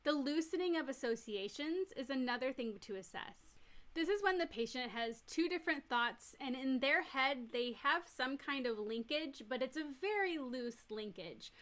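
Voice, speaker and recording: A woman's voice: high voice, lively intonation, moderate pace, fairly bright tone. A woman who teaches nurses, giving a recorded lecture and explaining each step plainly with everyday examples. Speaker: nurse educator.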